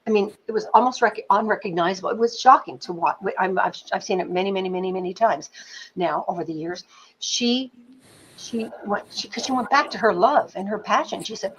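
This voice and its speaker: A middle-aged woman, a film producer and pitching teacher, telling anecdotes in an interview in an animated, chatty way with many fillers. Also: fairly quick, a little hiss or hum, rough recording. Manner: animated storyteller, many fillers like "you know", occasional swearing.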